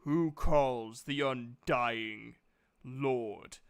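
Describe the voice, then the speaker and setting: A man voicing an ancient spectral knight god who speaks slowly and grandly in archaic words. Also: mid-range voice, clean tone. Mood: commanding. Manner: slow, grand, archaic speech. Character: golden spectral knight, ancient booming deity.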